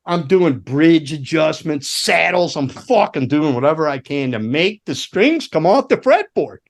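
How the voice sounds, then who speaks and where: A man, a former roadie and guitar tech, telling a story on a podcast in a lively, profane way and acting out the scenes. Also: on the high side, measured pace. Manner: animated, profane storyteller who acts out scenes.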